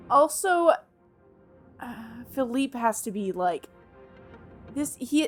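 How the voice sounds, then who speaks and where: A woman narrates her game playthrough with bursts of delighted laughter and squeals. Her voice sits a little high and her pace is slow and drawn out. Faint music plays under her. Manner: excitable, laughs and squeals often. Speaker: gaming YouTuber. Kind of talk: let's play commentary.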